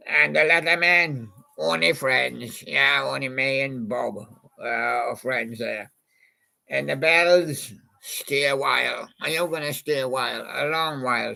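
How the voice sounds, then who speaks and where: Slow, gravelly man rambling to himself. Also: mid-range voice, sharp tone. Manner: meandering, reminiscing about old songs and talking to a toy badger. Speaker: channel host. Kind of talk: rambling casual monologue.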